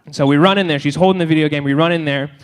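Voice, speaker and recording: A man's voice: on the high side, fairly even intonation, very fast, clean tone. A man doing a live stand-up comedy set, chatty and self-mocking, laughing at his own jokes on a handheld stage mic. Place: live comedy hall with audience.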